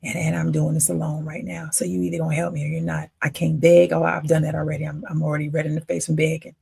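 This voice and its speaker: A woman in her fifties telling a personal story in an emotional, emphatic way, swinging between loud declarations and near-whispers. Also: deep voice, little pitch movement, fast talker, gravelly, breathy edge. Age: 50s. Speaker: independent filmmaker.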